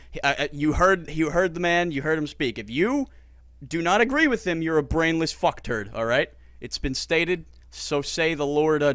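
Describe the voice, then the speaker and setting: A man's voice: a little high, dry recording. A man in a casual commentary video, reading online comments aloud and mocking them in a sarcastic, exasperated, profane way, with stammered restarts and chuckles. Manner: stammering restarts and swings from loud to muttered. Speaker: YouTuber reacting to comments.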